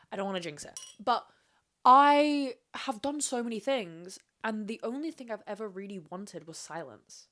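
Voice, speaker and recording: A woman's voice: a little high, lively intonation, normal speed, a bit bright. A young woman hosting a casual solo podcast, talking candidly and rambling with plenty of swearing, asking herself questions and answering them. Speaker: podcast host.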